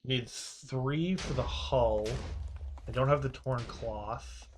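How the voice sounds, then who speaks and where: A young man streams a game at a slow pace, his medium-pitched voice full of lively intonation. He chats loosely to himself and viewers, swearing casually and laughing at himself in relaxed gameplay commentary.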